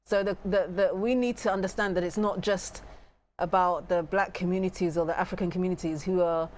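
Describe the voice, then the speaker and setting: A woman's voice: fairly low pitch, fairly even intonation, brisk, a little mellow, slight background noise. A woman guest on a broadcast talk show, explaining earnestly and often restarting her sentences. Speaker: studio guest.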